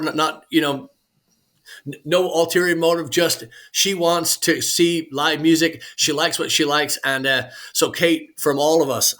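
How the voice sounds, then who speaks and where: Casting: bright, fairly high male voice, effusive podcast co-host, stumbles over his words. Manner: effusive, full of restarts and praise. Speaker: band member and podcast co-host. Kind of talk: casual podcast chat.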